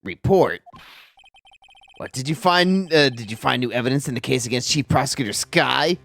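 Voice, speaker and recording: A man's voice: mid-range voice, expressive, moderate pace, vocal fry, fairly bright tone, voice pushed down. A man voicing a cold, haughty male prosecutor with a clipped, stern delivery.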